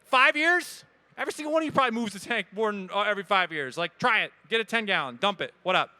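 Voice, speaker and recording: A man with a high, bright, very clear voice answers audience questions at a live expo talk in an event hall. He's expressive and quick-paced. He talks casually with lots of energy and keeps the jokes coming.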